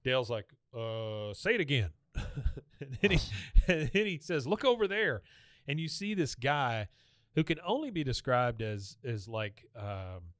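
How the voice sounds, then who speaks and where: Man, podcast co-host, smooth clear voice, dry close sound, lively scene-by-scene retelling, quick character voices. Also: mid-range voice, no echo. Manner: animated retelling, acts out lines in quick voices, laughs often. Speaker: podcast co-host recapping a cartoon episode. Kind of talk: casual chat, retelling scenes.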